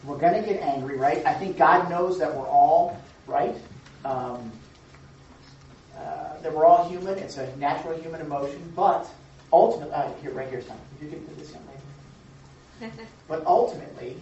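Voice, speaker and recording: A man leading an interactive Bible lesson, asking the group questions and affirming their answers in a lively way. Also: on the high side, normal speed, slight background noise. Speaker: teacher leading a Bible class. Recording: echoey room, distant mic, dull sound.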